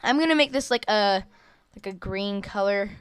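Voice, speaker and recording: A woman walking through a software drawing tutorial in a casual, hesitant way, with many fillers and self-corrections. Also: medium pitch, normal speed, smooth, no room sound. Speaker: tutorial creator. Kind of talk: screen-recorded software tutorial.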